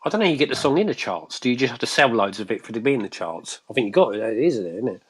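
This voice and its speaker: A man's voice: medium pitch, sing-song, very fast, slightly rough. A man joining a live online show as a guest by phone, talking in a rambling, chatty way with many restarts. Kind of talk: casual chat on a live show.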